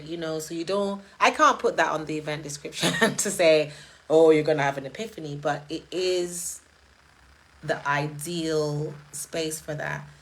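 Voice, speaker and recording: A middle-aged woman, hosting and talking casually in a chatty, animated way, laughing often. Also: deep voice, poor audio. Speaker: event host. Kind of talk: casual monologue.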